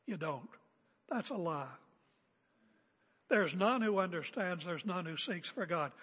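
A man's voice: sits high, animated, unhurried, fairly bright tone, breathy edge. A man preaching a sermon as a pastor, emphatic and confrontational, hammering home repeated phrases. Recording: echoey hall with long reverb.

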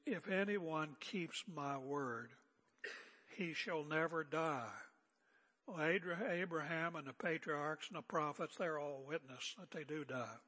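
A man's voice: on the high side, pushed and bright, husky, big-room sound. An older man preaching an expository sermon as pastor, conversational and emphatic with joking asides.

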